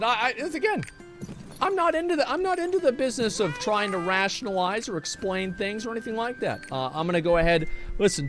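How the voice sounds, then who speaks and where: A man's voice: sits high, a bit bright. A man in his thirties streaming from home, chatting casually and reacting to chat in a brash, profane, rambling way.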